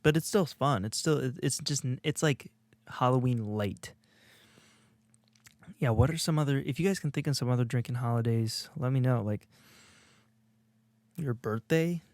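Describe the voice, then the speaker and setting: A man's voice: medium pitch, moderate pace, pauses often, darkish tone, dry recording. A man co-hosting a casual podcast, rambling through his thoughts with lots of fillers and restarts. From Illinois, USA. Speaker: podcast co-host. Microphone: video podcast studio mic.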